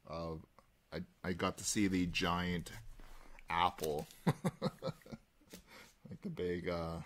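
A man hosting a live card break, calling out pulls and chatting with viewers in a relaxed, rambling way. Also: low voice, extremely slow, slight background noise. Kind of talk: casual live-stream chat while opening cards.

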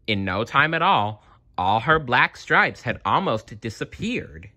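A man's voice: medium pitch, a little slow, dry recording, clean studio sound. A man reading a children's picture book aloud, adding short asides for listeners. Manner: animated, adds short asides. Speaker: storyteller.

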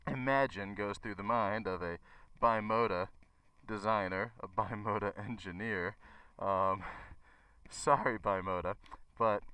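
A man's voice: lowish voice, a bit bright, clean tone, no room sound. A man who runs a motorcycle shop, giving a chatty, enthusiastic bike review to his viewers. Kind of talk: casual bike review vlog.

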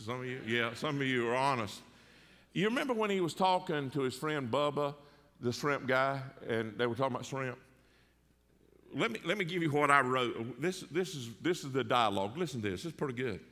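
A man's voice: mid-range voice, bright, forceful tone, big-room sound. A man with a Southern US accent preaching a sermon as pastor, folksy and conversational, with rhetorical questions and jokes. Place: church sanctuary.

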